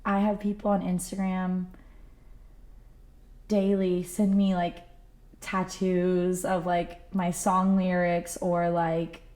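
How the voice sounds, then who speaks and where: Young woman singer as podcast guest, earnest and heartfelt, filler-heavy chat, a touch low-pitched. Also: little pitch movement, takes it slowly, a little mellow.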